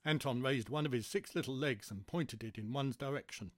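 A man narrating a children's story in a gentle, even way. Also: mid-range voice, brisk, dry recording, studio quality.

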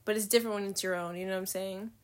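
A woman's voice: medium pitch, steady tone, very fast. A young woman venting in a casual confessional vlog, candid, slangy and profane, trailing off mid-thought and laughing often. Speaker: vlogger.

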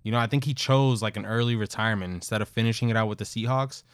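A man's voice: fairly low pitch, steady tone, fast talker, smooth, no echo, clean studio sound. A man co-hosting a podcast, talking casually in a rambling way with many "like"s and hedges. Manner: rambling, hedging with fillers. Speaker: podcast co-host. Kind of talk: casual chat.

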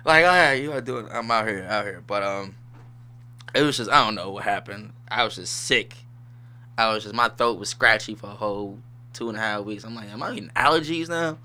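Bright-voiced laid-back man hosting a podcast. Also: fairly low pitch. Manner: laid-back slangy rambling, laughs often. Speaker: podcast host. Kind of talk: casual solo podcast chat.

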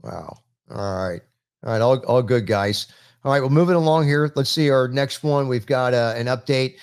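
A man's voice: medium pitch, a little mellow, clean tone, no room sound, studio quality. A man hosting a panel chat, who reads out news stories with many fillers and restarts. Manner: halting, lots of fillers. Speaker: podcast host.

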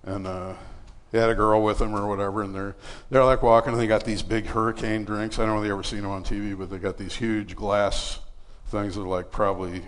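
In church, a man preaches by telling a personal story casually, using fillers and acting out the voices of the people in it. His voice is lowish and fairly quick with few pauses, and the sound carries a big-room quality.

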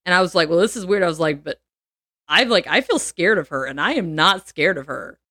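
Brief: young woman podcast host, lowish voice, lively storyteller, dry close mic. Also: a little fast, dry recording. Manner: animated, laughs often, acts out quotes. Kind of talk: casual storytelling chat.

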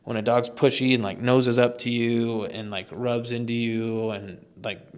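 Dog trainer guy on a podcast, mid pitch voice, chatty and emphatic, lots of um and like. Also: steady tone, normal speed, hardly any pauses. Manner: conversational, emphatic, with frequent fillers and restarts. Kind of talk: instructional podcast talk.

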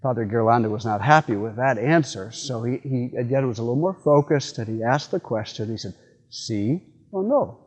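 A middle-aged man, a priest, giving a homily in a church with relaxed, folksy storytelling and frequent fillers. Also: mid-range voice, fairly quick, hardly any pauses. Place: church sanctuary.

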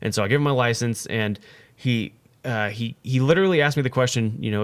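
A young man telling a story in casual chat, rambling and animated. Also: mid-range voice, brisk, clear, resonant tone. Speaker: podcast co-host telling a story.

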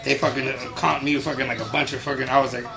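A man's voice: medium pitch, flat delivery, very fast, creaky, over music. A man telling a long rambling story in casual podcast chat, swearing freely. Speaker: podcast co-host.

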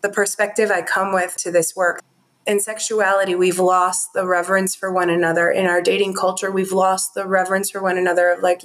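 A woman's voice: medium pitch, flat delivery, brisk. A woman talking earnestly and from the heart as a guest in a podcast interview. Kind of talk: conversational interview talk.

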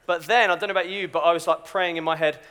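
Chatty man, bright high voice. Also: fairly even intonation, fast talker, clear, resonant tone. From Britain. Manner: chatty, self-deprecating storyteller. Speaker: youth speaker. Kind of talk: youth talk with story.

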